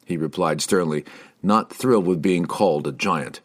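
A man narrating an audiobook in an expressive reading style. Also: low voice, moderate pace. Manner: expressive reading, shifting into character voices.

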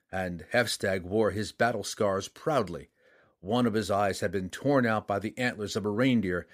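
A man reading a saga aloud in steady, measured scripted narration. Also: lowish voice.

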